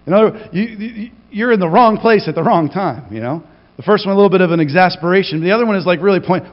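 A man preaching a sermon as pastor, telling the story with animated delivery and acting out the quoted lines. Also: a little high, quick pace. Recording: reverberant, dull lo-fi hall recording.

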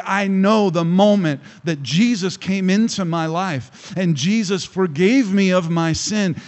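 A male pastor preaching a sermon to a congregation, emphatic and slowing down to stress key phrases. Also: sits high, darkish tone. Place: church hall with congregation.

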